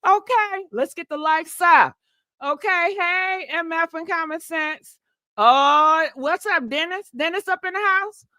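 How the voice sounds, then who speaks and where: A woman hosting a casual gossip livestream, sassy and animated, chatting to viewers and laughing often. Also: very high-pitched, a little slow, no room sound, clean studio sound. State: short of breath.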